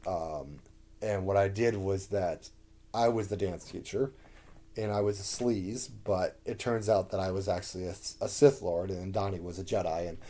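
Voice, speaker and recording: A man's voice: on the low side, dark tone. A man casually recalling his sketch comedy shows, meandering and full of ums and uhs. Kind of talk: casual rambling recollection.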